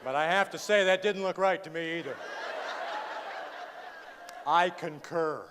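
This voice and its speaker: A man's voice: a little high, unhurried, background noise. A keynote speaker, a man, telling a comic story to a live audience, wry and sarcastic, teasing the crowd. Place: large hall before an audience. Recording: live hall recording with long reverb.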